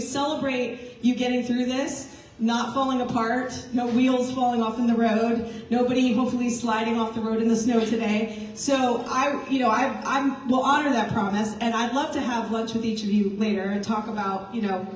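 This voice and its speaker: A woman's voice: on the high side, recorded from a distance, a little hiss or hum. Tired, rambling woman in an echoey hall. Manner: rambling, self-deprecating, laughs between thoughts. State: tired from lack of sleep. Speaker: local party chair. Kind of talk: casual speech to a crowd. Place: large indoor meeting room with a crowd.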